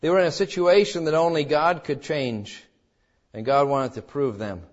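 A man preaching a sermon as pastor, swinging between calm teaching and dramatic, acted-out quoted cries. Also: fairly high pitch, moderate pace, lo-fi sound. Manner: preaching with dramatic rises, voicing quoted cries and God's words.

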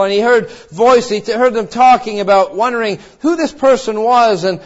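Man, preacher, earnest sermon storytelling, high voice, muffled lo-fi sound. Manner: earnest, swelling with fervor at the appeals. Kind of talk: sermon retelling a Bible story. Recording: dull lo-fi recording.

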